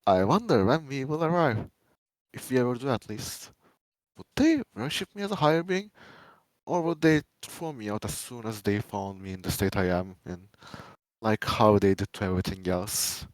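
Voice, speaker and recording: A man giving a dramatic reading of fan fiction, a first-person monologue, swinging between menacing loud lines and hushed pleading ones. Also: lowish voice, expressive, moderate pace, dry recording, rough recording.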